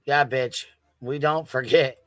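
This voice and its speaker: A man's voice: medium pitch, fairly even intonation, takes it slowly, a bit bright, dry recording, faint music behind, poor audio. A man hosting reaction commentary, mocking and swearing at a clip he is reviewing. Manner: mocking, profane, combative. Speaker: commentary host.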